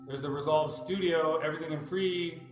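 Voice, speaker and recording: A man's voice: on the high side, steady tone, moderate pace. A man talking his way through a loose, rambling screen-recording vlog, chatty and digressive. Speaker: real estate group admin making a tutorial. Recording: roomy, slightly dull sound with music behind.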